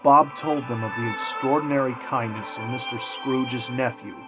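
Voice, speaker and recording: A man reading a classic novel aloud in a measured, calm way. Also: medium pitch, music in the background, low-quality recording. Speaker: reader.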